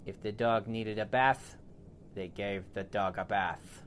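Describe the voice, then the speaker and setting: A man improvising a bedtime story for a child, playful and animated, with big swings in loudness. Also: on the low side, takes it slowly, slight background noise.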